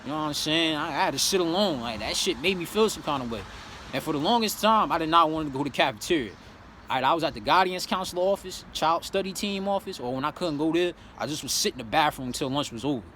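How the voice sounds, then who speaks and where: A man's voice: on the high side, lively intonation, fast talker, slight background noise. A young man vlogging his life story, blunt and profane, often dropping "you know what I'm saying" and turning heated as he relives his anger. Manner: grows heated and loud when reliving anger. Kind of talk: candid personal storytelling.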